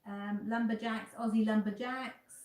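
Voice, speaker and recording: A woman's voice: a little high, little pitch movement, a little slow, a little mellow, roomy sound. A woman co-hosting a casual livestream, reading out viewer comments in short lines.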